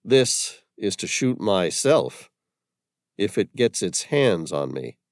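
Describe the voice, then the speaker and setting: A hunted man who talks in grim, emphatic bursts, sure of his doom, as a male audiobook narrator plays him. His voice rises a little above the narrator's own, lively and pressing, in a dry close recording. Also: on the low side, slow pace, no echo, full character voice.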